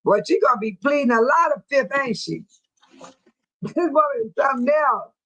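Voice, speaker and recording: Woman host, chatty and repetitive, talking to viewers live; voice sits a bit high. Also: lively intonation, fairly bright tone, dull audio. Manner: repetitive, chatty, quick to laugh. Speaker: livestream host. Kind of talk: casual live chat with viewers.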